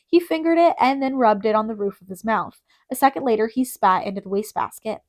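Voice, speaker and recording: A woman narrating an audiobook in a steady, measured storyteller's voice. Her pitch sits a bit above average for a woman.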